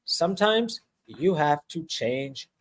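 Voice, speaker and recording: A man in a relaxed podcast chat whose voice sits a little higher than most men's. He talks animatedly, stumbles into restarts and repeats words as he builds a point. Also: slow pace. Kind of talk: casual conversation.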